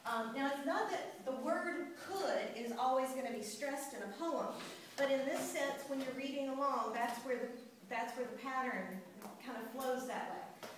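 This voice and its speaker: A woman teacher giving a classroom lecture, talking slowly and patiently and thinking aloud as she writes on the board. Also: high voice. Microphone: camera far across the room. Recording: distant echoey classroom recording with noise.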